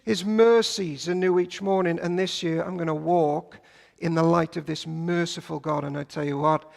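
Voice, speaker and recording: A man preaching a sermon, telling a story and dropping from loud to hushed. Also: fairly high pitch, fairly even intonation, moderate pace, gravelly. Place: church. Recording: long reverb of a church hall.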